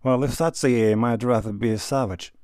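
A man doing an earnest blunt country gentleman. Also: medium pitch, brisk, clean tone, no echo, clean studio sound, lightly acted.

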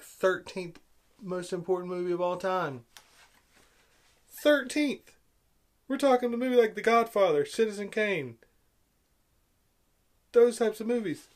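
Exasperated man ranting about a film. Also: sits high. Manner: exasperated, sarcastic, animated swings in loudness. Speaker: film reviewer. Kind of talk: casual opinionated film rant.

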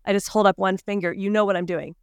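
A woman's voice: medium pitch, fairly even intonation, fast talker, smooth, no echo, studio quality. A woman guest on a podcast, speaking confidently and emphatically, giving advice. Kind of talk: casual podcast conversation.

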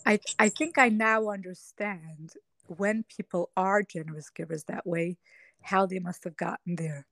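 A woman's voice: fairly low pitch, measured pace, no echo. Reflective woman telling her story. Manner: reflective, emotional, animated storytelling. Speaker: podcast guest. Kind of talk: personal storytelling interview.

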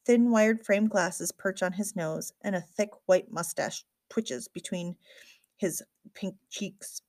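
A woman narrating a first-person audiobook with a lively, wry storytelling manner. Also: medium pitch, slow pace, dry recording.

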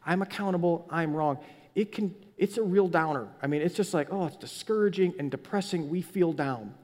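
Pastor preaching in a reverberant hall. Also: male voice, high-pitched, a little fast. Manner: animated storytelling with frequent restarts. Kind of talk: sermon.

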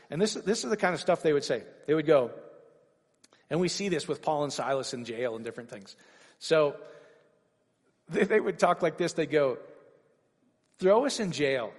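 Male preacher, slightly high voice, energetic teaching style with rhetorical questions, reverberant hall sound. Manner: energetic, rhetorical questions, sudden loud exclamations. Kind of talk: informal sermon teaching.

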